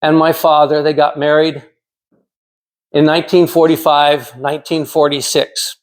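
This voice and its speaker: A man in his sixties from California giving a prepared storytelling speech in a measured, dramatic way with pauses. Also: a little high, flat delivery. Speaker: club speaker.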